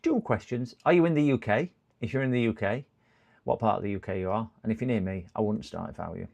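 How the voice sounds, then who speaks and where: A man's voice: lowish voice, fast, creaky, darkish tone. A middle-aged man from the UK chatting casually on a live repair stream, muttering to himself, answering viewers and now and then groaning in exasperation. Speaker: livestreaming repair technician. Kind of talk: casual live-stream chat while working.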